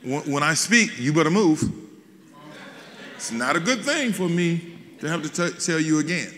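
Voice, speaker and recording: A male preacher tells his stories with a lively voice that swings up and down and sits on the higher side for a man. He talks in a folksy, animated way, restarting his phrases as he goes. His voice echoes through a large church hall. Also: normal speed. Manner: animated storytelling, frequent restarts, folksy asides. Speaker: bishop and guest preacher. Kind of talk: sermon.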